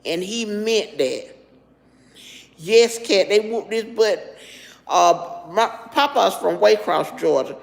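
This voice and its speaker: A woman's voice: medium pitch, lively intonation, slow pace, gravelly, big-room sound. A middle-aged woman, frankly telling a personal story on a live stream and greeting viewers as she goes. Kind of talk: casual storytelling to live chat.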